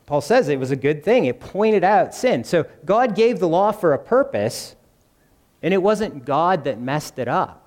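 A man's voice: a little high, very animated, measured pace, darkish tone, in a large hall. A man preaching a conversational sermon, often asking the congregation questions. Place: church.

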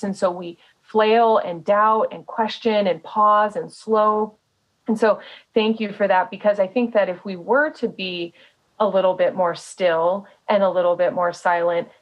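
A woman's voice: lowish voice, dull audio. A woman hosting a casual podcast interview, effusive and affirming toward her guest, with lots of fillers. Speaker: podcast host.

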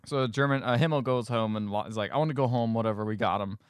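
A man's voice: medium pitch, quick pace, clean tone, dry recording, clean studio sound. A man co-hosting a podcast, casually recapping a movie plot with laughs and quoted voices. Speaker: podcast co-host.

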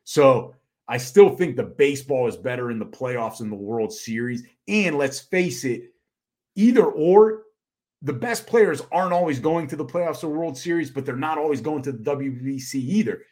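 A middle-aged man co-hosting a sports podcast in casual chat, animated and quick to laugh. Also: mid-range voice. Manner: animated, laughs easily, restarts often. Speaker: podcast co-host.

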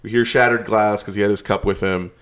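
A man's voice: lowish voice, steady tone, fast talker, a bit bright, clear, resonant tone. A man telling a story in casual chat, rambling and laid-back, swearing now and then.

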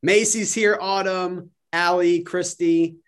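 A man hosts a casual online chat. His voice sits a bit high, and he talks in an enthusiastic, playful way as he greets everyone. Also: fairly even intonation, slow, clean tone. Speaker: host.

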